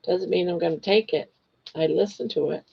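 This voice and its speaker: Hoarse, gravelly older woman. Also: on the low side, normal speed. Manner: gentle, reassuring. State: hoarse, losing her voice. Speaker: livestream host. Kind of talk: casual chat reading viewer comments. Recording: dull lo-fi livestream audio.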